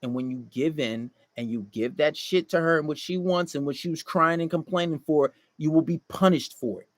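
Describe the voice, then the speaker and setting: A man's voice: on the high side, normal speed, no echo. A man delivering a blunt, profane dating-advice monologue to male listeners, often mocking the people he quotes.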